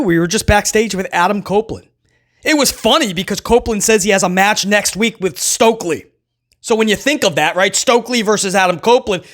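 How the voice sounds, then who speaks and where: A man's voice: high-pitched, fairly bright tone. A man hosting a wrestling recap show, talking loosely and chattily to viewers and often tossing in "man". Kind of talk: casual solo recap commentary.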